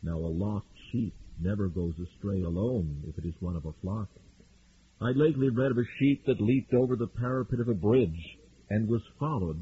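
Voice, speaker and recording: A man preaching a fiery sermon, swinging from hushed warnings to loud cries. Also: fairly low pitch. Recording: narrow lo-fi radio broadcast with faint hiss.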